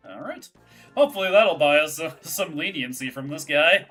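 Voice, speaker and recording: A woman's voice: low voice, lively intonation, normal speed, a bit bright, soft background music. A woman streaming a video game, chatting casually and laughing between lines. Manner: chatty, laughs, reads game text aloud. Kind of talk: casual let's-play commentary.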